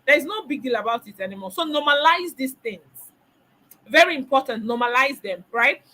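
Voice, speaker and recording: A woman's voice: high voice, animated, a little fast, pushed and bright, low-quality recording. A middle-aged woman teaching a parenting webinar, emphatic, repeating key phrases and asking rhetorical questions. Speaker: parenting coach.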